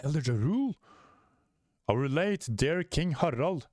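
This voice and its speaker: A man's voice: fairly high pitch, lively intonation, measured pace, darkish tone, no room sound, voice pushed up. Man voicing a grave elderly giant elder, formal speech, dry close sound, serious. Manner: grave, formal public address.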